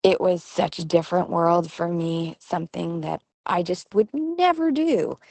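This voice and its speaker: A middle-aged woman hosting a podcast, telling a personal story in a lively way and acting out the voices of people she quotes. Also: fairly low pitch, a little slow, no echo. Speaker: podcast host. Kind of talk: storytelling monologue.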